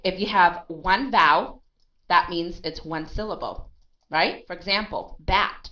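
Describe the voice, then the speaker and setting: A woman's voice: fairly low pitch, measured pace, bright, forceful tone. Woman teaching pronunciation, lo-fi recording. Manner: explains step by step, ends phrases with okay; asks and answers her own questions. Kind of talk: recorded online lesson. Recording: dull lo-fi sound.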